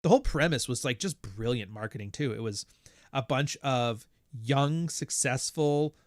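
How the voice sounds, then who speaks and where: Canadian male podcast host, mid-pitched, sardonic and foul-mouthed, ranting in a dead room. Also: moderate pace, no echo, studio quality. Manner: profane, blunt, sardonic. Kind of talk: casual podcast rant.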